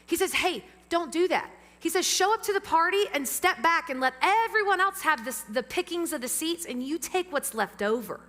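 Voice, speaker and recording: A woman pastor preaching a sermon to a church congregation, lively and engaging them with questions. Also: very high voice, normal speed, few pauses. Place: church sanctuary with amplified sound. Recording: long reverb of a church hall.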